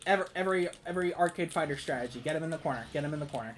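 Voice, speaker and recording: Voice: medium pitch, very fast. Rambling chatty game streamer. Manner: rambling, full of "like" and restarts, laughs often. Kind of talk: casual gameplay commentary.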